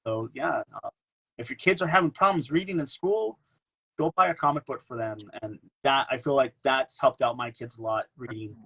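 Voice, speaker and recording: A man's voice: medium pitch, normal speed, vocal fry, breathy edge, poor audio. A man chatting casually as a podcast guest, telling stories animatedly and repeating himself. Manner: animated storyteller, repeats himself, acts out quotes. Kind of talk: casual chat.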